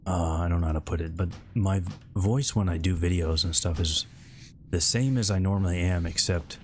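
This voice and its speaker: A man from the Midwest with a slightly scratchy throat, chatting casually and a bit loudly into a close mic while streaming a game. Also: low voice, normal speed. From American Midwest. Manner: relaxed, rambling, talks a bit loud into the mic. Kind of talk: casual chat while gaming.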